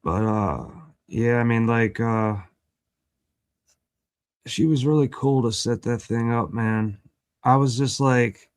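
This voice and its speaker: A middle-aged man chatting casually on a panel, rambling with halting restarts. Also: mid-range voice, no room sound, studio quality. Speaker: podcast panelist. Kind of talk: casual chat.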